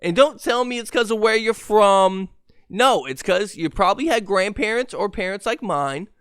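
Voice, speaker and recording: Male podcast host, slightly high voice with a lisp and stutter, profane exasperated rant, dry close sound. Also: expressive, moderate pace, fairly bright tone, clean tone, no echo. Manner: profane, exasperated ranting with laughs and restarts. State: voice going hoarse.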